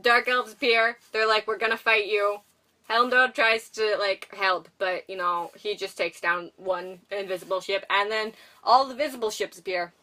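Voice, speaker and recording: A woman's voice: mid-range voice, moderate pace, bright, forceful tone. A young woman co-hosting a podcast, rambling and giggly as she recaps a film and acts out its characters' lines. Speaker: podcast co-host. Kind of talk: casual movie recap chat. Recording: voice from far off the mic.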